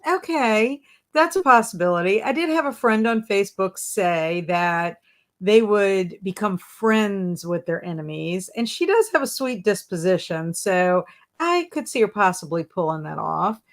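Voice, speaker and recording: A woman's voice: medium pitch, animated, a little slow. A young adult woman hosting a casual live stream at home, reading viewer comments aloud and answering them playfully, often laughing. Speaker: livestream host.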